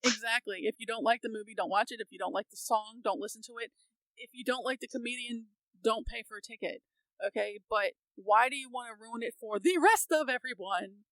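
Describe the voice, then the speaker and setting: Emphatic high-voiced American woman ranting. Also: a little fast, fairly bright tone, dry recording, rough recording. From United States. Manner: emphatic, ranting, laughs often. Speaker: podcast co-host. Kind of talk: casual opinionated chat.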